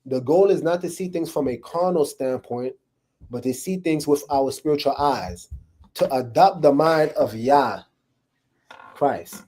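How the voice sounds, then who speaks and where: Chill bible teacher guy, warm-ish slightly high voice, keeps asking the group if they follow. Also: unhurried. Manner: casual, checks in with listeners, keeps asking "right?". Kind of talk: conversational sermon to a live group.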